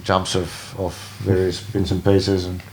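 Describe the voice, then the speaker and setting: A middle-aged Australian man with a fairly low voice tells stories in a loose, casual way. He swears freely and acts out the other people's lines with animated changes of voice. A faint hiss sits under the recording. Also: a little slow. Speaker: guest, veteran BASE jumper. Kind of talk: casual storytelling.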